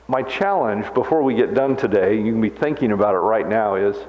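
A man in his sixties preaching a sermon as pastor, animated and self-mocking, with quick jokes. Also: medium pitch. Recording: echoey hall, dull lo-fi sound.

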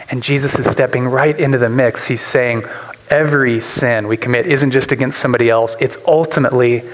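Male pastor, animated sermon delivery, a bit high-pitched, long hall reverb. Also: brisk. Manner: animated, voices quoted speakers, repeats words.

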